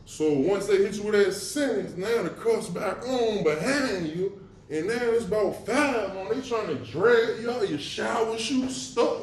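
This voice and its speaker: Man, casual storytelling, slangy and blunt, wry dark humor, fairly high voice, echoey room a bit off-mic. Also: a little slow, distant mic. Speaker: podcast host recounting his past.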